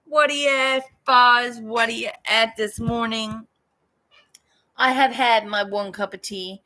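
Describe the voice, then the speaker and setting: A woman's voice: fairly high pitch, steady tone, measured pace, bright, forceful tone. A woman chatting casually with viewers on a home livestream, greeting them and drifting from topic to topic. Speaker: livestream vlogger. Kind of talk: casual live chat.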